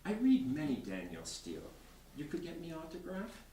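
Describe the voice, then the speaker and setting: Pria memerankan wanita Rusia yang anggun dan dingin. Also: male voice, fairly high pitch, wildly swooping pitch, moderate pace, mellow, voice pushed up. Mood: cool. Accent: Russian. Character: elegant middle-aged Russian woman, cool. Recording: roomy bookstore from far off.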